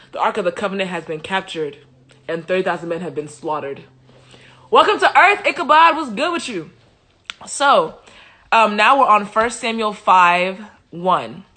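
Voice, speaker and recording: A woman hosting a live stream, joking her way through a Bible story. She talks in an animated, slangy way and swings between loud and soft. Her voice is bright. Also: fairly low pitch. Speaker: host.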